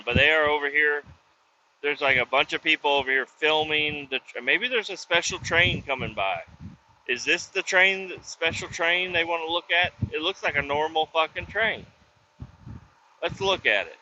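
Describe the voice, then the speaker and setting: A man who does roadside service tells loose, profane stories in a casual vlog, drifting from one to another. His slightly high voice is bright and forceful, with lively intonation and a moderate pace, plus slight background noise. The recording sounds dull and lo-fi, with faint ambience.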